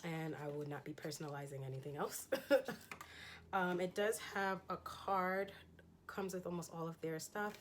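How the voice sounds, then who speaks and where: Chatty woman with a lowish voice. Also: fairly even intonation, normal speed, a little hiss or hum. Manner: chatty and enthusiastic, frequent ums and laughs. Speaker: fashion haul vlogger. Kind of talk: casual haul chat showing items.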